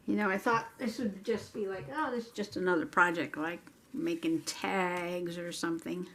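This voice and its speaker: A woman's voice: on the low side, steady tone, normal speed, a bit bright, slight background noise. A middle-aged woman hosting a casual crafting vlog, chatting to herself as she works, sometimes dropping into whispered asides. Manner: chatty, talking to herself while working, some whispered asides. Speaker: crafting channel host. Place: home craft table.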